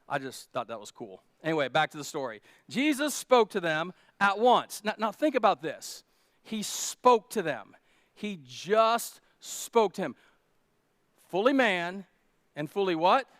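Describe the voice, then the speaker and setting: A pastor preaching a sermon with animated, dramatic swings in volume and folksy, humorous asides. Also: male voice, sits high, no room sound, studio quality.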